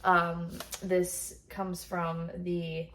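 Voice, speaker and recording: A woman's voice: lowish voice, completely flat delivery, extremely slow, fairly bright tone, a little hiss or hum. A woman co-hosting a casual podcast from her home kitchen, laughing often and swearing casually. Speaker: podcast co-host. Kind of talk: casual chat.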